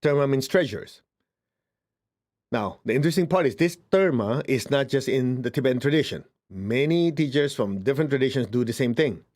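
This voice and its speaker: A man teaching spirituality in a conversational way, checking in with his listeners often and jumping up in pitch for emphasis. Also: a little fast. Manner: lively, swings up in pitch for emphasis. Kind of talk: informal spiritual talk.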